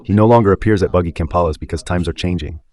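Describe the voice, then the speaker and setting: Man, Italian accent, very deep voice, radio preacher, emphatic, rhetorical. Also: very fast, dark tone. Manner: emphatic, rhetorical, addresses listeners directly. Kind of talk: impassioned religious commentary.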